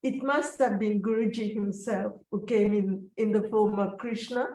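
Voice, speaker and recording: A woman telling a personal story in an interview, slow, reflective and emotional. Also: medium pitch, steady tone, mellow. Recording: echoey room, voice from a distance.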